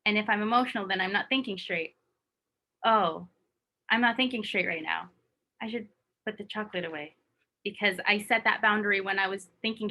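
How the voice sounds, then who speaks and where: A woman's voice: mid-range voice, sharp tone. A woman coaching her team in a motivational talk, emphatic and acting out her own inner voice.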